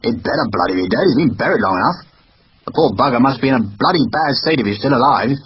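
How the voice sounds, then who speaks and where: A man with a mid-range, slightly rough voice talks fast and expressively, playing a bad-tempered, overworked middle-aged merchant consul. Irritable, he grumbles and curses in a hard, clipped manner. The lo-fi recording sounds dull.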